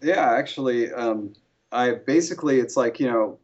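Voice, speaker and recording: In a dull, lo-fi recording, a man who advises a TV series on made-up alien languages answers interview questions at normal speed in a mid-range voice. His replies are casual, full of fillers and false starts.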